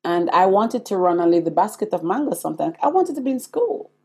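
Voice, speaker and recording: In a low-ish, sing-song voice that's mellow and slightly rough, a Jamaican podcast host in her forties recounts her life story. She speaks briskly, earnestly and confidingly, addressing her listeners directly in this personal monologue.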